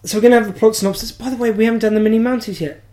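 A woman's voice: a little high, steady tone, racing, a crowd in the background. A woman co-hosting a casual podcast chat from England, chatty and self-mocking, laughing often. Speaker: podcast co-host.

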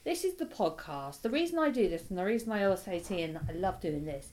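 A woman's voice: on the low side, sing-song, quick pace, a little hiss or hum. A woman with children co-hosting a podcast, playful and fond of her dogs. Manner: warm, playful, doting about her dogs. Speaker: podcast co-host. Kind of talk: casual podcast chat.

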